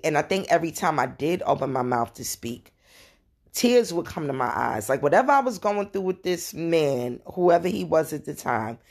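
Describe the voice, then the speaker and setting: Podcast host: New woman, low voice, chatty storyteller with laughing asides. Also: a little mellow. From New York. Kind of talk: casual storytelling.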